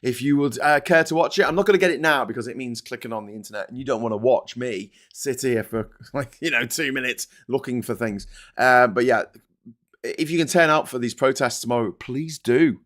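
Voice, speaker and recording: Hosting a live, casual political commentary show, a British man talks in a lively, rambling way with a mid-range voice and brisk pace, swearing often and frequently restarting his sentences.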